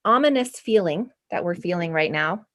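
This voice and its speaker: Woman, 40s, guest artist, low-ish voice, rambling and sincere. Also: lively intonation, moderate pace, fairly bright tone. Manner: rambling, earnest, many restarts. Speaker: guest artist and art professor. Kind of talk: spiritual casual interview.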